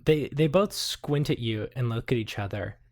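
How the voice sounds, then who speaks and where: Male game master, mid-range voice, halting yet lively narration. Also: mid-range voice. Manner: hesitant, animated narration.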